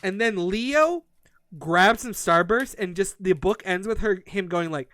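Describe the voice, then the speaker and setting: A man's voice: high-pitched, a little slow, dry recording, studio quality. A man co-hosting a podcast, casually recapping a book's plot with lots of swearing. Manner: animated, profane plot recap. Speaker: podcast co-host. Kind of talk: casual book review chat.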